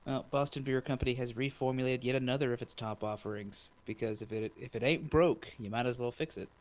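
A man's voice: medium pitch, steady tone, fairly quick. A man co-hosting a casual podcast chat, playful and rambling, with lots of "like" and "you know". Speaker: podcast co-host.

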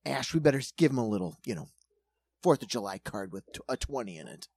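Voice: medium pitch, big pitch swings, quick pace, a little mellow, slightly rough, no room sound. A middle-aged podcast co-host who adds profane, wisecracking jokes in casual banter. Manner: wisecracking, profane, jokey asides.

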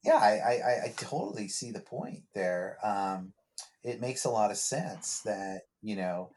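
A man's voice: lowish voice, expressive, measured pace, a little mellow. A man who works as a therapist, a guest on a podcast, speaking in a reflective, conversational way with frequent restarts and repeated words.

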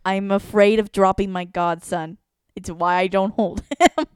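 Young woman, nervous rambly co-host; smooth clean voice, dry close sound. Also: medium pitch, steady tone, unhurried, darkish tone, dry recording. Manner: anxious, self-deprecating, rambling with fillers. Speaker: podcast co-host. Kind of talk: casual chat.

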